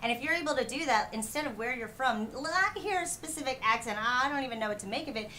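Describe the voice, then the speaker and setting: Woman dating coach, bright higher voice, frank and animated, faint background hiss. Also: fast. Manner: frank, animated, acts out quotes. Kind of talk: casual advice chat.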